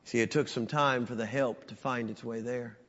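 A pastor preaching a sermon, swinging from loud raised peaks down to hushed, low passages. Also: male voice, steady tone, normal speed. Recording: dull sound with long church reverb.

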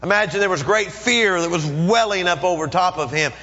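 A man's voice: high-pitched, brisk, pushed and bright. A middle-aged male pastor preaching a sermon, dramatically acting out pleading prayers. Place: church. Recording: dull echoey church recording.

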